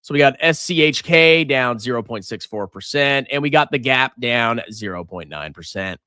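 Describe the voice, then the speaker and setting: A man in his thirties hosts a casual finance livestream with a bright, forceful edge to his voice. His pitch swings widely as he reacts to prices with jokey exclamations. The sound is dry and close to the mic. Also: moderate pace, smooth, dry recording. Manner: animated, jokey, reacts loudly to price moves.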